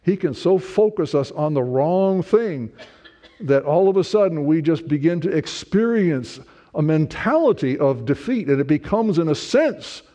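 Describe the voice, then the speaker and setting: A man's voice: a little high, mellow. A man preaching a sermon in a conversational way, asking rhetorical questions and acting out people's inner thoughts. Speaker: pastor.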